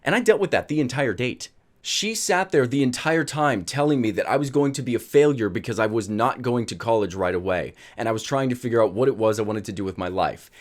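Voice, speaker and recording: Animated man telling a story. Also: mid-range voice, brisk. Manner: animated, laughs often while telling. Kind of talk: casual storytime vlog.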